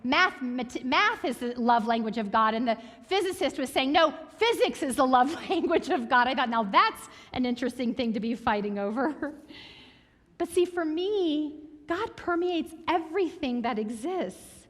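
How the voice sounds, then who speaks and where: A woman pastor preaching a reflective sermon, sharing stories in a soft, thoughtful way. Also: high-pitched, expressive, normal speed. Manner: reflective, storytelling, soft-spoken at times. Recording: reverberant hall.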